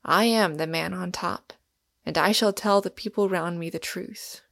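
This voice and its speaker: A woman reading the part of an older male professor in an audiobook, speaking in a hesitant, measured way. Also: on the low side, gravelly, fairly bright tone, no room sound.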